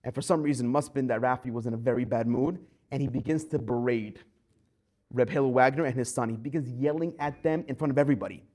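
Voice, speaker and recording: A man, a rabbi giving a Torah class, telling a story with lively acted-out quotes. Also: mid-range voice, fast talker.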